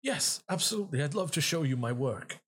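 A man voicing an excitable, nervous male half-orc architect in a tabletop game. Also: fairly high pitch, fairly quick, slightly rough, voice pushed up. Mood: giddy.

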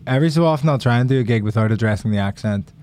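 An Irish man, a comedian guest on a podcast, talking earnestly and hesitantly, filling pauses with "uh" and "um". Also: medium pitch, a little mellow. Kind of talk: casual chat.

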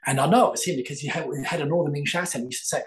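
A man's voice: on the high side, very fast, poor audio. An older man, a guest telling a long story with many fillers and restarts in a podcast interview. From Australia. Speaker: guest, psychic author.

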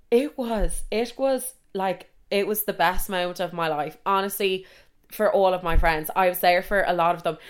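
A young Irish woman telling stories casually, animated and swearing freely, acting out the people she quotes. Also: lowish voice, unhurried, clear, resonant tone. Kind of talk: casual storytelling monologue.

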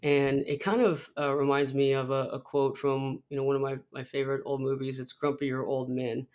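A man's voice: mid-range voice, level tone, normal speed, a little mellow. A young man, a podcast guest, telling a personal story in a rambling way with many restarts. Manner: rambling, many restarts, acts out film quotes.

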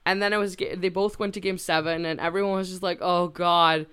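Woman, podcast co-host, chatty and loose with fillers, very clear resonant tone. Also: lowish voice, steady tone, quick pace. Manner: chatty, lots of fillers, swears casually. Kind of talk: casual chat.

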